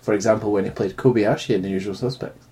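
A man's voice: fairly low pitch, steady tone, fast, mellow. A young man co-hosting a casual film podcast and reading cast notes with dry, teasing jokes. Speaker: podcast co-host.

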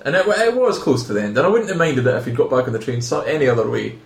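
A man's voice: medium pitch, sing-song, racing, creaky, reverberant. A man co-hosting a film podcast, chatting casually and animatedly, laughing and swearing. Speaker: podcast co-host. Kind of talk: casual chat.

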